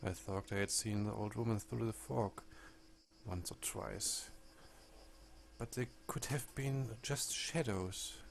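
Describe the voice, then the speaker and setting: A proud Victorian lady telling her story in a dark video game, read by a man. The voice is measured and deliberate, with a gravelly texture. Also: lowish voice, steady tone, a little hiss or hum. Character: composed Victorian lady, sole survivor.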